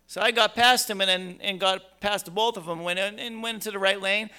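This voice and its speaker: High, bright-voiced male preacher. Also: a little fast, clean tone. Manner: emphatic, with rhetorical questions and repeated words; animated, swinging from quiet to loud. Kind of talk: sermon.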